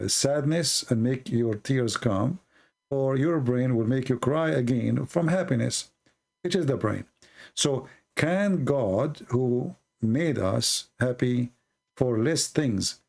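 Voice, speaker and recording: Gravelly man preaching on a live call-in. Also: mid-range voice, a little mellow. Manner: earnest, explanatory, halting with fillers. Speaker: host of a live call-in religious stream.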